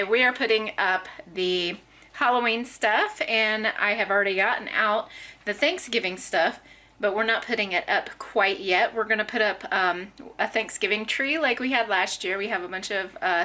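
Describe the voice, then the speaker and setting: A woman's voice: on the high side, normal speed, sharp tone. A woman chatting casually in a family home vlog, telling stories with laughs. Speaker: vlogger mother.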